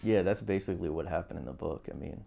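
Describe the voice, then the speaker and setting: A man's voice: low voice, fast, vocal fry, mellow. A man guesting on a talk show, laid-back and hesitant with a wry edge. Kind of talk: casual chat.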